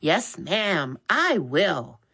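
A woman's voice: fairly low pitch, sing-song, drawn-out words, vocal fry, sharp tone, slightly rough, exaggerated voice. A woman reading aloud, voicing a responsible boy who gives directions politely. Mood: bossy. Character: boy, responsible and a bit bossy.

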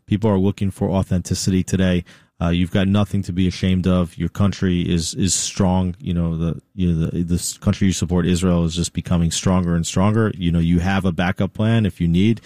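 Deep, mellow-voiced male guest. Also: fairly even intonation, dry recording, studio quality. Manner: measured, lots of "you know" fillers. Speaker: interview guest, news executive. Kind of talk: conversational interview.

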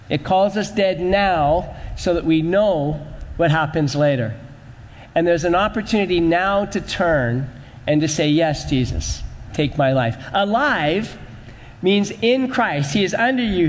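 A man's voice: fairly high pitch, in a large hall, a little hiss or hum. A man pastor preaching a sermon in a church, with rhythmic, repetitive emphasis.

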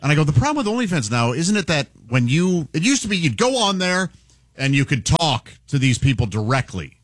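A man's voice: fairly high pitch, a little fast, no echo. A man co-hosting a radio show, telling an anecdote and joking with the others. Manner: animated storyteller, jokes and reacts. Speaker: radio co-host. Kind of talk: casual morning radio banter.

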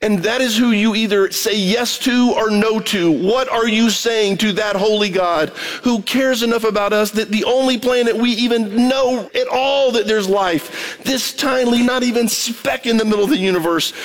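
A male preacher delivering a radio sermon in a high, tenor-like voice. He pleads with urgency, climbing even higher at his peaks, then drops low to drive a point home. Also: moderate pace. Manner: impassioned, swinging between high urgent pleading and low emphatic asides.

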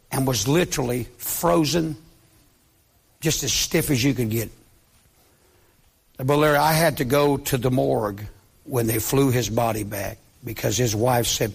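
A man's voice: medium pitch, measured pace, creaky, breathy edge. A man, a pastor preaching a sermon as a story, impassioned and pleading, dropping to near-whispers when quoting others.

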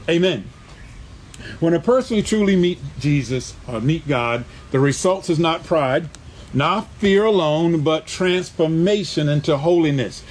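A man's voice: fairly high pitch, a little mellow, slight background noise. A man preaching a sermon in church, reading scripture aloud, repeating his points and punctuating them with "amen" as he calls on the congregation. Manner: repeats and restates points for emphasis. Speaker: pastor.

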